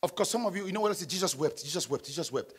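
A man, a pastor, preaching a midweek sermon in church, calling on the congregation to answer and bursting into shouts. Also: high-pitched, lively intonation, rapid-fire, slightly rough. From Nigeria. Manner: preaching with sudden shouts and call-and-response.

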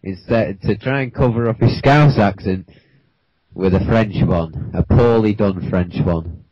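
A man's voice: lowish voice, measured pace, no echo. A British man hosting a casual football podcast, rambling with lots of likes and you knows. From Britain. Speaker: podcast host. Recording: dull lo-fi podcast mic.

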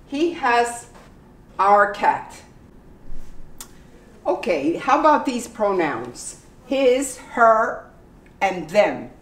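A woman teaching English pronunciation in a library, repeating example sentences slowly and carefully. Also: medium pitch, big pitch swings. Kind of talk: pronunciation lesson. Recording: echoey room, voice from the mic's distance.

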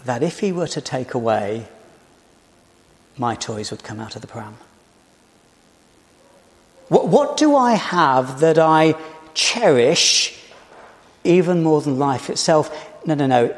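British male preacher, unhurried, storytelling sermon with rhetorical questions, recorded in a reverberant church. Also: a little high, sing-song.

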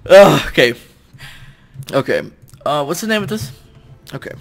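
A young man giving let's play commentary at home into a desk microphone, excitable and quick to shout and groan in frustration, joking at his own expense. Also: fairly high pitch. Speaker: YouTuber playing a video game.

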